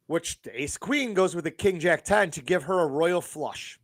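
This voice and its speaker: A man co-hosting a podcast, loud and brash, swearing and laughing through crude casual banter. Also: on the high side, normal speed, no room sound. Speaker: podcast co-host.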